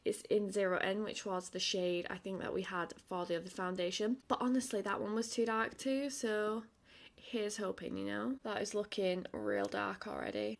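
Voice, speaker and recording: Here a young woman with a gravelly, medium-pitched voice vlogs a casual makeup review, full of fillers and frequent "like"s. As she applies the makeup, her voice grows softer and more tired.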